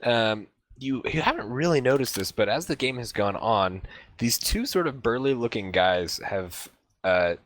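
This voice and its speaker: A man's voice: mid-range voice, lively intonation, normal speed, dry recording. A young man narrating a tabletop role-playing game as game master, rambling and full of fillers. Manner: rambling, filler-heavy storytelling.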